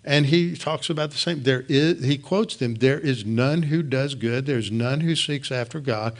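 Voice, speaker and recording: A man's voice: medium pitch, normal speed. Earnest male Bible teacher. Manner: earnest, repeats words for emphasis, restarts. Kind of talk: recorded Bible lesson.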